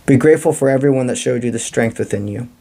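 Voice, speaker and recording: Mellow-voiced man giving a tarot reading. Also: medium pitch, quick pace, gravelly. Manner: calm, encouraging, mystical, casual slang. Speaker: tarot reader. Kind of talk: spiritual tarot reading to camera.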